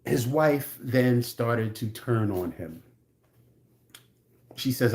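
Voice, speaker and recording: A man's voice: mid-range voice, lively intonation, very slow, darkish tone. A man reviewing a film, retelling the plot in a casual, blunt way with frank asides.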